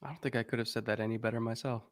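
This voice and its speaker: A man's voice: mid-range voice, steady tone, racing, dry recording, clean studio sound. A man co-hosting a podcast in casual chat, talking loosely, joking and swearing now and then. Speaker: podcast co-host.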